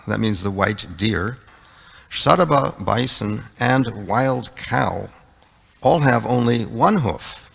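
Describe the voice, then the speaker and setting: A man's voice: medium pitch, lively intonation, slow pace, creaky, fairly bright tone, slightly rough, long reverb tail. A man leading a devotional scripture class, reading out verse translations one item at a time. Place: temple hall.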